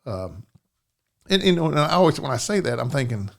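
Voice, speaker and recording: A man's voice: medium pitch, big pitch swings, fairly quick, gravelly. An older man, a podcast guest telling a personal story in plain, rambling speech, often asking "you know what I'm saying".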